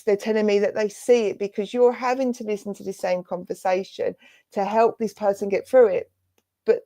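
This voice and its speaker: An English woman speaks as a spiritualist medium, passing on messages in a soft, comforting, affectionate way. Her voice sits at an ordinary middle pitch for a woman. The sound is dry and close, with hardly any room around it. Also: dry recording. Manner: soft, reassuring, affectionate, addresses listener as darling and lovely. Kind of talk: clairvoyant reading in an online church service. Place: church service streamed online.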